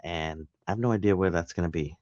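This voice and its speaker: A man's voice: low-pitched, fast, darkish tone, no echo, dull audio. A man talking casually through a reselling vlog update at home, chatty and rambling. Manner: chatty, rambling, self-interrupting. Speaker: reselling vlogger.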